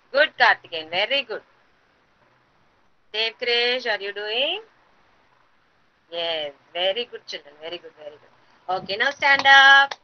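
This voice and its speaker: Slow, bright-voiced kindergarten teacher woman. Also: on the high side, rough recording. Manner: encouraging, repetitive praise and chanting commands. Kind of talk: online class instruction.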